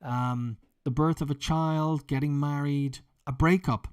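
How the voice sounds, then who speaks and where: A man's voice: a little high, steady tone, unhurried, darkish tone, clear, resonant tone. Man teaching business English vocabulary. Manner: explains vocabulary with example sentences; chatty, with frequent fillers and restarts.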